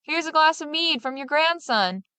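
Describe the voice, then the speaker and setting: A woman voicing a wealthy, hot-tempered male innkeeper who shouts and frets loudly. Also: sits high, brisk, no room sound, voice pushed up. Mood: frantic. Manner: loud, shouting and fussy.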